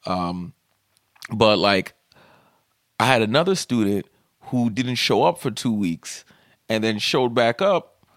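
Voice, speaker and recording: A man telling a story in a loose, casual way, cursing freely and jumping up in pitch when he acts out a heated argument. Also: slow pace, pauses often, dry recording, clean studio sound. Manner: animated, swearing, rises in pitch when quoting. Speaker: comedian and podcast host.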